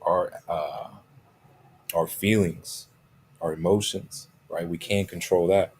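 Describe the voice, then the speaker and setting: A man's voice: sits low, steady tone, slow, breathy edge. A man giving a motivational talk as a coach. He stresses his key phrases and keeps checking in with "right?" and "okay?". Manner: emphatic, repeats key phrases.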